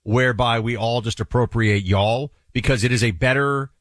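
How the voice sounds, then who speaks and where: A man co-hosting a radio talk show, joking in casual banter with his pitch jumping up often. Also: steady tone, normal speed, no room sound, studio quality. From Northeastern United States. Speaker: radio co-host. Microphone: studio microphone.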